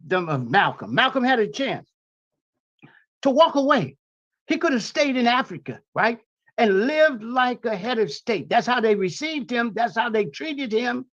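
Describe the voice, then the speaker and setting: A man with a husky voice who talks with preacherly force, piling up repeated phrases and rhetorical questions. His pitch swings widely, rising and sinking for emphasis. The audio is dull and lo-fi. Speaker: interview guest, scholar. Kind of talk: impassioned spoken commentary.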